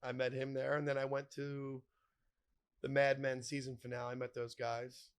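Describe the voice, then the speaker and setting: A man's voice: medium pitch, monotone, moderate pace, clear, resonant tone. A middle-aged man hosting a podcast in a bar, telling rambling, profane, jokey stories full of name-dropping. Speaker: podcast host. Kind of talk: casual storytelling chat.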